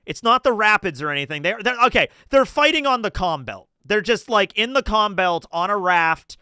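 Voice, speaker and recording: Chatty male streamer, high and animated, quick to laugh and swear. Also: smooth, dry recording, clean studio sound. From New Jersey. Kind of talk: casual livestream commentary.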